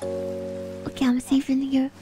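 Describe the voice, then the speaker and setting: Giggly high-voiced woman streamer. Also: slow pace, soft background music. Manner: giggly, excitable, with sudden squeals. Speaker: VTuber streamer. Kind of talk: casual gaming stream chat. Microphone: binaural dummy-head mic.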